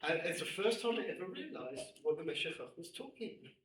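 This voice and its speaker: A middle-aged man, a rabbi, lecturing women students and telling a personal story with emphatic, animated delivery. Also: high voice, fairly quick. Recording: echoey room, distant mic, faint noise.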